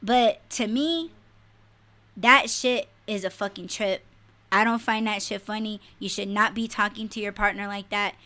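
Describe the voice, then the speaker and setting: A young adult woman co-hosting a podcast livestream, ranting bluntly and profanely in a casual, animated way. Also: medium pitch, measured pace. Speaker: podcast co-host.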